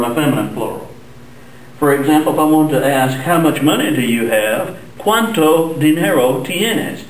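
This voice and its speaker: Male teacher with a somewhat high voice, giving a patient Spanish lesson, recorded from across an echoey classroom. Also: distant mic. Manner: patient, explains step by step, slows for Spanish examples. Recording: echoey room, voice off-mic.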